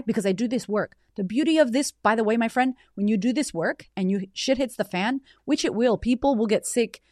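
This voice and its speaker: A woman in her thirties hosting a podcast, telling a personal story in a blunt, animated way with frequent swearing. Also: a little high, no room sound, studio quality. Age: 30s. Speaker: podcast host. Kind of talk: candid personal storytelling monologue.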